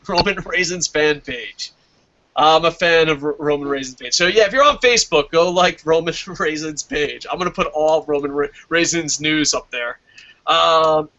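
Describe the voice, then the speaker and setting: A man with a bright, forceful, fairly high voice hosts a loose wrestling review stream. He swears freely, reads out viewer comments and laughs at his own jokes. The audio is dull and lo-fi. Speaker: wrestling show host.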